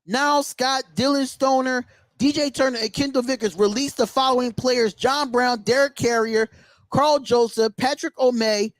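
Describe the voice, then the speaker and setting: A high-pitched man hosting a live sports call-in show, worked up and indignant, hammering the same points again and again. The sound is dry and close, with no room around it. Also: steady tone, normal speed, dry recording. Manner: indignant, emphatic, repeats himself. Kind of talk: sports talk livestream rant.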